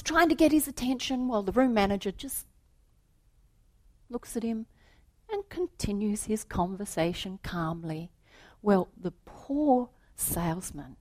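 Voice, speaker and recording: A woman giving a reflective spiritual talk, telling a story and then drawing its meaning, often asking rhetorical questions and sometimes dropping to a soft aside. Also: medium pitch. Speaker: spiritual teacher.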